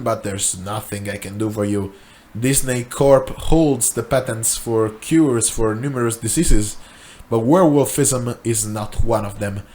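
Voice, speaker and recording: Pompous, condescending male mogul, slow and deliberate, read by a man doing the voices. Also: lowish voice, natural voice. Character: smug all-powerful male corporate boss.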